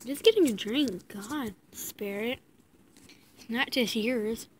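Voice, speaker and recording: A woman's voice: on the high side, takes it slowly, a little hiss or hum. A woman voicing a cocky male gelding horse who taunts and boasts in toy horse play-acting. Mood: teasing.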